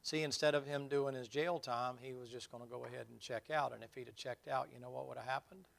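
A middle-aged man preaching a sermon, telling folksy stories and building to loud, emphatic points. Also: mid-range voice, steady tone, quick pace, vocal fry.

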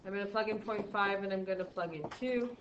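A woman's voice: mid-range voice, fairly quick. A woman math teacher lecturing a class, chatty and self-deprecating, quizzing her students as she works. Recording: roomy, dull lo-fi sound with faint noise.

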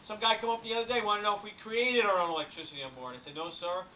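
A man runs a cruise briefing as a comedy routine, slipping deadpan jokes between the rules. His voice is high and bright. It was caught from a distance on a camcorder in an echoey room. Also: very fast, a little hiss or hum. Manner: jokey deadpan patter with asides. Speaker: cruise ship entertainer giving a briefing. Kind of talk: comic cruise briefing to an audience. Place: ship lounge.

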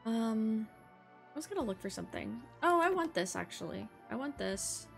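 A young woman hosting a casual let's-play, chatting excitedly and gushing as she plays. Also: a little high, moderate pace, vocal fry. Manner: bubbly, excitable, gasps and gushes often. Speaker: gaming channel host. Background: faint game music.

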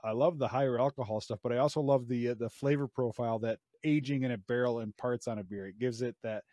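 A man's voice: medium pitch, fairly even intonation, fast talker, warm tone, dry recording, clean studio sound. An American man hosting a casual podcast chat, talking hesitantly with many restarts. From United States. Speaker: podcast host.

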